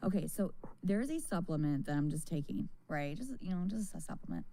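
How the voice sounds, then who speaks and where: A woman's voice: low-pitched, lively intonation, brisk, mellow. A tired woman chatting casually with her live-stream viewers from home, rambling, laughing and swearing as she goes.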